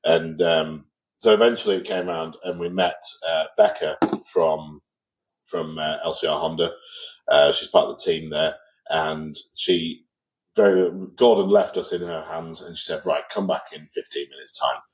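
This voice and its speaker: A man's voice: a bass voice, fairly even intonation, moderate pace, rough recording. A man co-hosting a podcast, chatting casually and telling an anecdote, acting out what people said. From England. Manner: storytelling, acts out quoted people. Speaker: podcast co-host. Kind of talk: casual chat.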